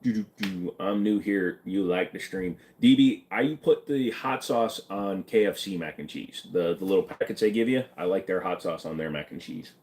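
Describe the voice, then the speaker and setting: A man's voice: sits low, normal speed, hardly any pauses, a little mellow, slight background noise. A man hosting a live stream, reading viewers' questions aloud and answering them in a blunt, joking way. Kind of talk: casual live-stream chat.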